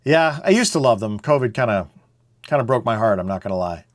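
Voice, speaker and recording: A man's voice: medium pitch, animated, brisk. A man, hosting a casual, opinionated monologue in a blunt, rambling way. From Canada. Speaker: show host.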